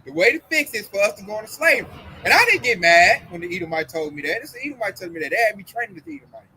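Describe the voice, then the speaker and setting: A man's voice: sits high, sing-song, rapid-fire, pushed and bright, slight background noise, poor audio. A man talking casually about religion as a host, emphatic and full of slang, acting out the voices of people he quotes.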